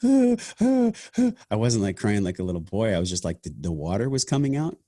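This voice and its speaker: A man's voice: sits low, animated, fast talker, dark tone, dry recording, studio quality. A man hosting a podcast, speaking in a reflective, earnest and casual way, often saying "man" and "like". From half Sicilian family heritage. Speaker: podcast host. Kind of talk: casual conversation.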